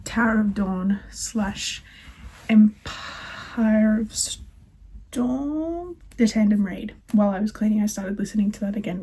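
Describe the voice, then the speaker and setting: A woman's voice: medium pitch, dark tone, low-quality recording. A young woman, a nursing student, chatting candidly to camera from her car, with lots of "like" and "um". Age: young adult. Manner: chatty, candid, filler-heavy. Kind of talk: casual chat to camera. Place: inside a car. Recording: car interior with noise behind. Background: car and road noise.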